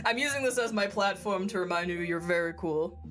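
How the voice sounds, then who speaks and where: Chatting casually mid-game, a woman streamer speaks at medium pitch and normal speed with an expressive delivery. She swears freely, giggles often, and sounds phlegmy and congested. Game music fills the background.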